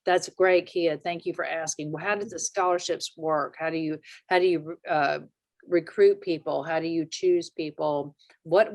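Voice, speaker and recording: A woman's voice: low voice, a little mellow, dry recording. A woman hosting a talk show, praising her guest effusively and laughing easily. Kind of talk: warm interview chat.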